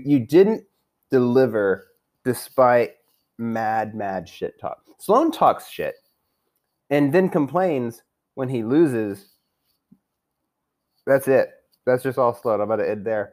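A man's voice: medium pitch, lively intonation, slow pace, a little mellow. A young man rambling through a crude, profane fantasy football season recap, trash-talking his friends while drinking. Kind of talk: profane casual rant.

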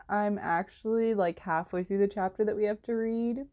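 A woman's voice: moderate pace, hardly any pauses, dull audio. A teenage girl chatting casually to camera as a student vlogger, rambling and peppering her talk with "like" and "literally", her voice jumping up when she gets exasperated. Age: teens. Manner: rambling, heavy use of "like" and "literally"; animated, jumps in pitch when exasperated.

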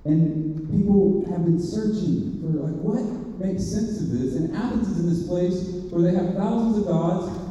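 A man with a high, dark and mellow voice preaches a sermon, chatting his way through a story and acting out the people in it. He is recorded from a distance in a long, echoing hall, and the sound is dull. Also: measured pace. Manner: conversational, acts out characters in quotes.

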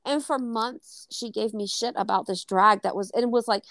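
A woman co-hosting a casual podcast, telling a story with lively acted-out quotes and plenty of swearing. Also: mid-range voice, moderate pace, hardly any pauses. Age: adult. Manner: animated, acts out quoted dialogue, swears freely. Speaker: podcast co-host.

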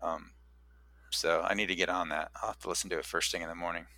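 Deep-voiced man hosting a chat. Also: steady tone, fast, creaky, sharp tone. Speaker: podcast host, interviewer. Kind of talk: casual chat.

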